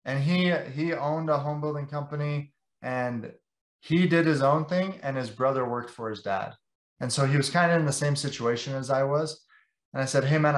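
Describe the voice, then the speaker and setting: A young sales director with a mid-range voice speaks passionately in a casual podcast interview, and the recording is reverberant. He rambles at length, scattering "like" all through his sentences.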